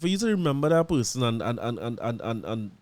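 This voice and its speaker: A man with a Trinidadian accent hosting his podcast, telling a story in casual chat, animated and laughing as he acts out what people said. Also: mid-range voice, fairly quick, dry recording. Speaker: podcast host.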